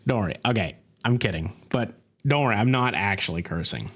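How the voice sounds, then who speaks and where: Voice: medium pitch, animated, brisk, fairly bright tone, breathy edge. A streamer chatting casually on a live stream, joking around and answering viewers' questions. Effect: voice changer at times.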